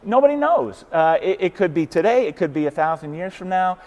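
Man, co-host of a faith talk, higher-pitched, earnest, stumbles into sentences with repeated words. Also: big pitch swings, a little fast, a little mellow, lo-fi sound. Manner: earnest, often repeats words as he starts a thought. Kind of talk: casual faith discussion.

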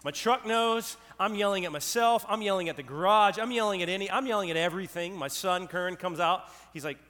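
Man, middle-aged pastor, high voice, animated sermon, long hall reverb. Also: brisk. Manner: animated, storytelling, asks the crowd questions. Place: church hall with live audience.

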